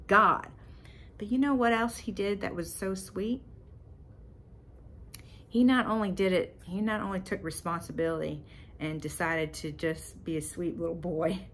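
A woman hosting her own podcast, telling a personal faith story in an animated, emotional way and talking straight to her listeners. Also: on the low side, normal speed, slight background noise. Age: adult parent. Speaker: podcast host.

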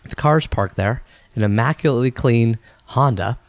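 A man hosting a podcast, telling a story in a chatty, animated way and acting out the quotes. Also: mid-range voice, moderate pace, no echo, studio quality, soft background music. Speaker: podcast host.

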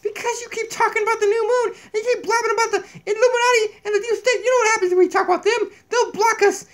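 A squeaky donkey puppet in a very high, piping voice, silly and fart-obsessed, giggling and jumpy. It sounds like a goofy homemade puppet skit recorded on a tablet in a kitchen. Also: male voice, fairly even intonation, fast talker, fairly bright tone. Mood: cheeky. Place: downstairs home kitchen. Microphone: tablet camera mic.

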